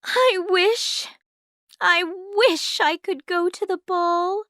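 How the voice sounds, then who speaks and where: A woman's voice: extremely high pitch, very slow, fairly bright tone, no echo, studio quality, pitched above the performer's own voice, full character voice. A woman voicing a young, put-upon heroine who is sweet but wry. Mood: earnest.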